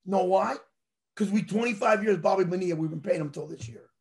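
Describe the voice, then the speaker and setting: New guy rambling thru sports stories, high voice, real lively. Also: fairly quick, creaky. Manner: rambling, animated storytelling. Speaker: show host. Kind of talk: casual sports chat.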